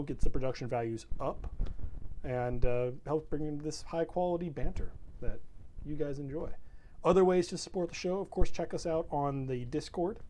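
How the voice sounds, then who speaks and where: A man's voice: mid-range voice, dark tone. A young man in a casual, rambling stream chat, self-deprecating and laid-back, plugging the show between stories. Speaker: show regular.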